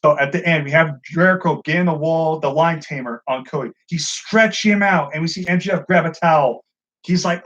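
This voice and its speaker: A man co-hosting a wrestling review show in casual, profane commentary, excitable and acting out what the wrestlers said. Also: fairly high pitch, brisk. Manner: excitable, swears a lot, acts out quotes. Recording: dull lo-fi sound.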